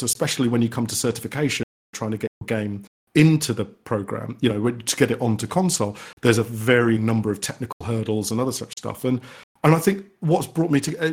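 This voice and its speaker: Here the indie developer's medium-pitched voice sounds gravelly and husky as he fields podcast questions. Eager and rambling, he often abandons a sentence and begins again.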